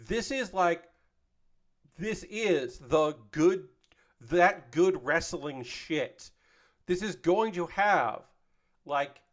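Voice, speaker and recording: A man in his thirties hosting a casual livestream, ranting with passion and heavy profanity, repeating and restarting his sentences. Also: on the high side. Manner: repeats himself and restarts often. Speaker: livestream host.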